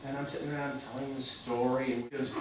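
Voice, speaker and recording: A man's voice: mid-range voice, level tone, quick pace. A man earnestly telling a personal story to a live audience. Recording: distant echoey barn with background noise.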